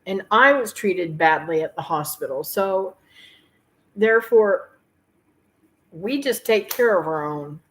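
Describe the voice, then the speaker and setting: A middle-aged woman hosting her homestead channel, talking to her viewers in a heartfelt, rambling way with filler pauses and tearful moments. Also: lowish voice, expressive, fairly bright tone, poor audio. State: tearful at times. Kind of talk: emotional personal talk to viewers.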